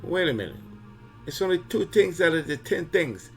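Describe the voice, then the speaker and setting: A man's voice: on the high side, big pitch swings, normal speed, creaky, breathy edge, faint music behind, voice pushed up, heavily acted. Demanding mob-boss godfather who issues threats, done by a man in a comic explainer. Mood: bossy. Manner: commanding, repeats orders, threatens.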